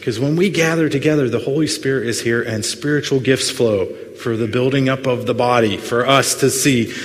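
A man's voice: medium pitch, normal speed. A man preaching a sermon as pastor, earnest but full of playful jokes and asides to the congregation. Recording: long hall reverb.

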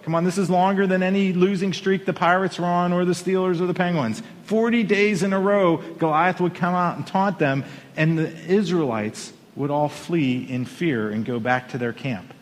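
A pastor preaching a Sunday sermon from a riser in church, telling a story in an animated way and pushing his voice up for emphasis. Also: high voice, moderate pace. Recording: long hall reverb.

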